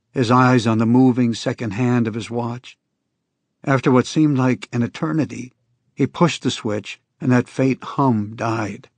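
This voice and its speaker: A man reading scripted first-person narration in an even, unhurried storytelling manner. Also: mid-range voice, breathy edge, no echo. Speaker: audiobook narrator.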